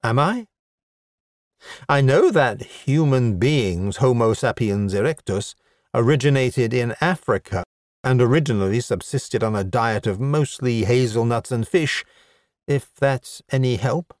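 A man's voice: mid-range voice, animated, measured pace, no room sound, studio quality, lightly acted. A man voicing a polite, bewildered human man with no memory, speaking mildly and apologetically in a storybook reading. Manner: apologetic, mild, matter-of-fact.

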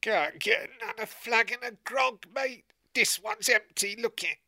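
An idle, grumbling ferret deckhand whines in a high, very bright, pinched tone. He draws his words out slowly, and the recording is dry. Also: creaky, no echo, heavily acted. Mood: moody. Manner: whiny, common-speaking. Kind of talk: audiobook character voice.

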